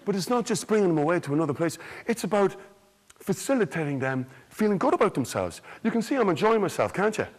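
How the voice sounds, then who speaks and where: A man's voice: high voice, fast, poor audio. An Irish man, a storyteller, giving a theatrical, joking conference talk to a live audience. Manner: animated, theatrical, jokes and quizzes the audience.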